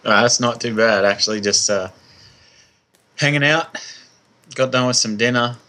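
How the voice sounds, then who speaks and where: A man with an Australian accent, a guest in a casual interview chat, answering briefly and in a relaxed way with hesitant fillers. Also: medium pitch, normal speed. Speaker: guest racer.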